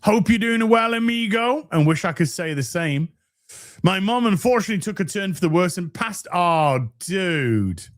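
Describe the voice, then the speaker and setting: Brief: man, live stream host, lively swinging pitch, profane and warm with chat, fairly high voice. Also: normal speed. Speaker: livestream host reading super chats.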